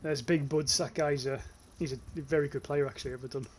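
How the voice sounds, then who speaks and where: A young man from northeast England, with an accent from near North Yorkshire, livestreams gameplay and chats casually with viewers, swearing often and restarting his phrases. His voice is medium-pitched and steady, his pace fairly quick, and a crowd can be heard behind him.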